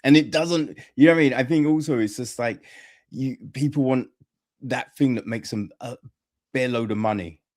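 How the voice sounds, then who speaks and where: A man's voice: mid-range voice, normal speed, darkish tone. A man hosting a podcast interview, talking in a rambling casual way and often asking "right?" for agreement. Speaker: podcast host.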